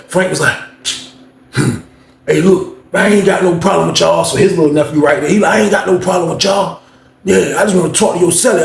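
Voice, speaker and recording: A man's voice: high voice, gravelly, roomy sound. A man telling a story in casual street slang, acting out the voices of the people in it. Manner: animated, acts out quoted voices, slangy street talk.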